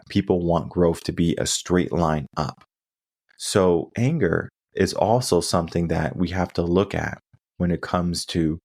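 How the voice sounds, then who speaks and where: Deep-voiced earnest male coach. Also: darkish tone, dry recording, clean studio sound. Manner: earnest storytelling with frequent asides. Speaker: coaching podcast host. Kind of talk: solo coaching monologue.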